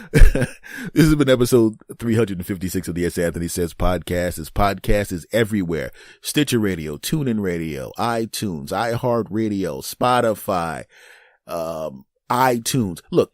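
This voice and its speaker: A man's voice: on the low side, darkish tone, no echo. Middle-aged man, podcast host, exasperated self-mocking ramble, dry close mic. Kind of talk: solo comedy podcast monologue.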